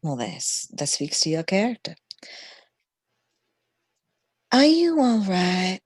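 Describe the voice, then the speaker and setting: Doting mentor with a lively, lowish voice, played by a woman; dry close recording. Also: moderate pace, breathy edge, no echo. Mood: concerned. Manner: warm doting, calls everyone honey. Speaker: tabletop player.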